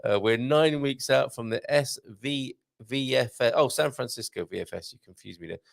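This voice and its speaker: A man's voice: medium pitch, normal speed, vocal fry, no room sound, clean studio sound. A man hosting a live show in a casual, jokey way, reading out viewer comments and adding chatty asides. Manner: chatty, jokey, reads messages aloud with asides.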